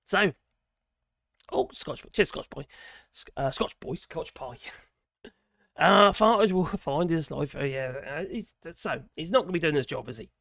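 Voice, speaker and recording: A man's voice: fairly high pitch, expressive, a little slow, gravelly, pauses often, fairly bright tone, no echo, clean studio sound. A man hosting a casual livestream, rambling and sardonic, with wry laughs. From England. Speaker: livestream host.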